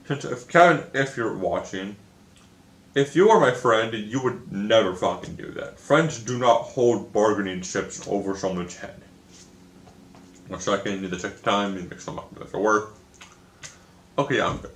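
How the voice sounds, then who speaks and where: A man's voice: lowish voice, fairly bright tone. A young man telling a story in a casual, frustrated rant, swearing often and repeating himself. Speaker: video creator. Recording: echoey room.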